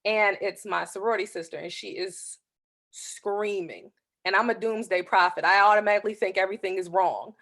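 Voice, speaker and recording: A woman's voice: mid-range voice, fairly quick. A woman in her thirties, an author hosting her own show, casually telling a personal story and acting out the other people's lines. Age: 30s. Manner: lively, acts out the voices in her story.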